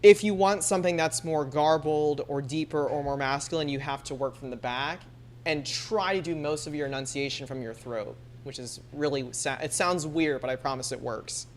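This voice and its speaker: A woman's voice: low-pitched, moderate pace, a little hiss or hum. A woman streamer chatting casually and laughing often, using many fillers. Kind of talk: casual chat.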